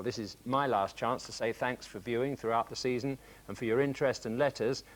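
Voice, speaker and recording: A man presenting a televised football highlights show in a clear, measured, scripted style. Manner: clear, measured announcer delivery.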